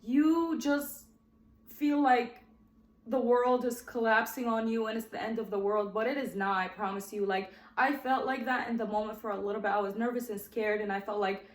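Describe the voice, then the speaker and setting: A woman in her twenties walks listeners of her podcast through her life story, heartfelt and talkative, with frequent nods to "guys" and moments where she's almost crying. The voice is a little high, steady, at normal speed, in an echoey space.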